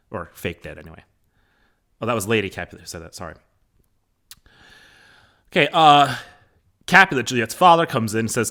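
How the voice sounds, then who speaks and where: A male teacher recording a lesson into a microphone, chatty and full of fillers and asides. His voice sits a little low but sounds bright and forceful. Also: moderate pace, pauses often. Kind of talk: recorded class lesson, reading a play aloud.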